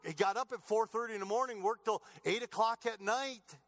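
A middle-aged male pastor preaching with earnest storytelling. His voice sits a little high for a man, and he swings from loud, emphatic lines down to soft, low asides. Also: a little fast. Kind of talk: sermon.

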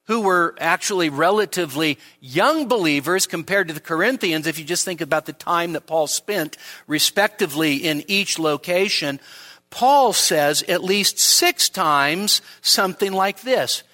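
A man preaching an expository sermon to his congregation at a church service, asking rhetorical questions, stressing key words and dropping into quiet asides. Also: on the high side, expressive, unhurried.

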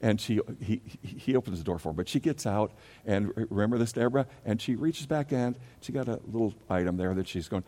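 A man's voice: on the low side, a little fast, mellow, long reverb tail. A man preaching a sermon as pastor, telling a story from his own life and acting out its scenes. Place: church sanctuary.

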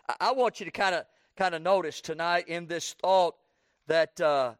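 High-voiced preacher calling out. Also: male voice, normal speed, clean tone, dry recording, clean studio sound. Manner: call-and-response preaching, asks the congregation "Amen?"; rhythmic repetition, rising to a fervent pitch. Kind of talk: sermon.

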